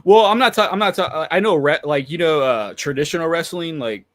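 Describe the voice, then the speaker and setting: A man from the United States, a guest in a casual livestream chat, talking in halting bursts and calling the host man and dude. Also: a little high, no echo. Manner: halting, many restarts and fillers, says man and dude.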